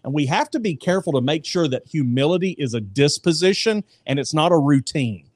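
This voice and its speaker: A man in casual faith discussion, telling jokes and stories in an animated way, with voices. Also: on the high side, brisk, no room sound, clean studio sound.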